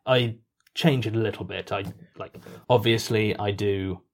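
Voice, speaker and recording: A man's voice: on the low side, fairly even intonation, measured pace, a little hiss or hum. A British man answering interview questions casually, hesitant with many fillers and dry self-mocking jokes. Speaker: podcast writer and performer.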